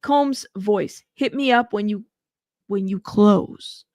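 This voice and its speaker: A woman's voice: medium pitch, slow, a little mellow, dry recording, clean studio sound. A young woman hosting live news commentary, reading court updates aloud and reacting with laughs and asides. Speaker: host reading trial updates.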